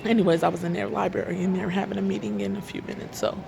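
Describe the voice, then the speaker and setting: A woman tells a storytime vlog in an animated, exasperated voice with a gravelly, fry-laced edge, filming herself inside a hospital library. She talks at a mid pitch and acts out both sides of the conversation. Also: quick pace, noisy background. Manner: animated, exasperated retelling with quoted dialogue. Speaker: vlogger. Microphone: self-filmed camera.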